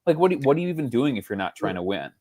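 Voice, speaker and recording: A man's voice: medium pitch, big pitch swings, rapid-fire, dark tone. A man co-hosting a casual football podcast, rambling through stories and mimicking other people. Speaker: podcast co-host. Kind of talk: casual chat.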